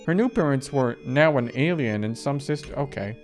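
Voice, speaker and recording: A man reading a visual novel aloud for a let's play, in a low, hesitant voice. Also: lively intonation, normal speed, soft background music.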